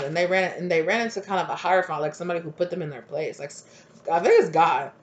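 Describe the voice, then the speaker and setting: A woman giving a casual tarot reading, chatty and emphatic, with lots of fillers and quick laughs. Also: lowish voice, lo-fi sound, slight background noise. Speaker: tarot reader.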